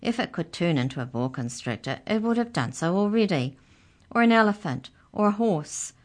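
Storybook girl, bossy and pushy, raised pitch, read by a woman. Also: animated, moderate pace, darkish tone, natural voice. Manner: pushy, scornful. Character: bossy bold young girl, scheming.

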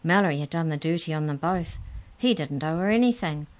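A woman with a low voice reads a children's story aloud. She tells it in a gentle, even way. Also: fairly quick.

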